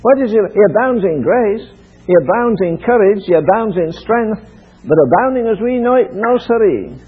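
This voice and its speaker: Older British preacher on tinny tape. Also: male voice, high voice, lively intonation, moderate pace, breathy edge. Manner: storytelling, urging and emphatic. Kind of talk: sermon.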